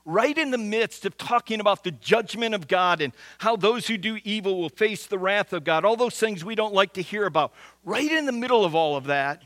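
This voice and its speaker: A man preaching a sermon as pastor, earnest, slowing down to stress key lines and often restarting words. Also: sits high, animated, fairly bright tone, dry recording. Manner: earnest, with frequent restarts and slow emphatic repetition.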